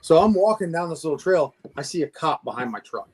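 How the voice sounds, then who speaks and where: Guest, male, fairly high voice, excitable storyteller who stumbles over his words. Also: quick pace, slightly rough. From Florida. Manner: animated, stammering restarts, laughs at himself. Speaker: Bigfoot investigator guest. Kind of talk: casual storytelling interview.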